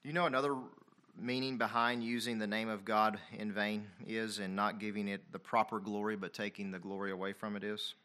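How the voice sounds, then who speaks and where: A man preaching a sermon, swinging between loud emphatic passages and quiet, confessional ones, reading scripture aloud. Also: fairly low pitch, level tone, a little fast, clean tone. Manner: reads King James scripture aloud.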